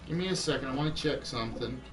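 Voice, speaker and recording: A man hosting an online quiz show, chatting and thinking aloud, reading clues out slowly. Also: mid-range voice, recorded from a distance, poor audio. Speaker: game show host. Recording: voice a bit off-mic with music behind.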